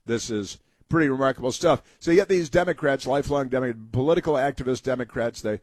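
A man hosting a talk radio show, giving sarcastic, halting opinion commentary with frequent restarts. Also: mid-range voice, very noisy.

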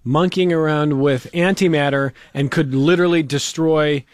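A man's voice: fairly high pitch, fairly even intonation, normal speed, no room sound, clean studio sound. A male interview host speaking in a wry, joking way in a casual chat.

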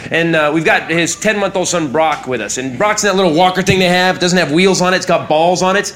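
A man's voice: high-pitched, fast talker, a bit bright. A man telling a laid-back stand-up story, peppered with "uh" and "man". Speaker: stand-up comedian.

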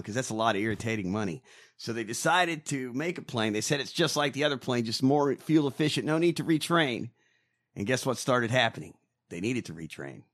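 A man co-hosting a casual show, ranting and swearing in an animated way. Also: medium pitch. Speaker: podcast co-host. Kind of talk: casual profane chat.

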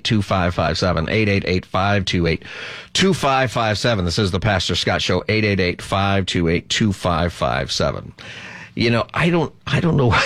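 Animated low-voiced male radio host. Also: dry recording. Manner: animated, laughs often, rambling storytelling. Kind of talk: call-in radio talk.

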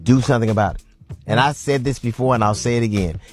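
A man hosting a radio show, chatting casually in an animated, joking way with frequent restarts. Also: mid-range voice, quick pace, faint music behind. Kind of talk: casual talk-radio banter.

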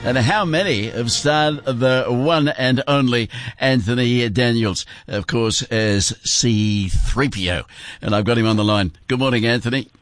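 A man's voice: mid-range voice, a little slow, no echo. Man, radio presenter, chatty, many fillers, dry studio, faint music. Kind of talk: casual radio interview.

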